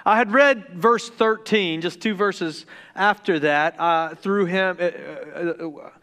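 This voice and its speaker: Joking high-voiced pastor from the Deep South. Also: male voice, slow pace, clean tone. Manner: joking, conversational, stumbles over words when excited. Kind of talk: sermon. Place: church sanctuary.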